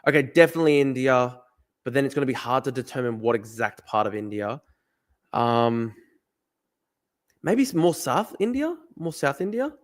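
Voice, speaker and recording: A man streaming a guessing game, thinking aloud, swearing and getting excited. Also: mid-range voice, moderate pace, pauses often. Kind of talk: live-stream commentary while playing a guessing game.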